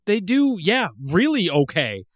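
Animated man ranting casually. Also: high-pitched, unhurried, dry recording, studio quality. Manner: animated, ranting, acts out game moments. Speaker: podcast co-host. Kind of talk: casual chat.

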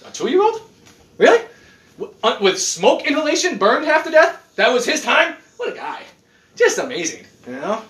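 A man's voice: very high-pitched, normal speed. A man ranting casually and sarcastically with lots of swearing, in a living room. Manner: profane, sarcastic, animated ranting. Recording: roomy room, mic at a distance.

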